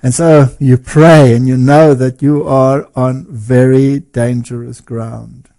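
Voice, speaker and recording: A man telling a story in an interview as a lecturer, animated and often chuckling as he talks. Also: mid-range voice, slow. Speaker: guest speaker and lecturer.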